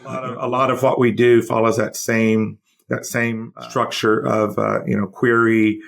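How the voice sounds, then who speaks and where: A man's voice: medium pitch, little pitch movement, moderate pace, creaky. A man hosting a podcast who asks questions in a rambling way with lots of fillers. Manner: rambling, many fillers and restarts. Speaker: podcast host. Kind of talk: conversational interview.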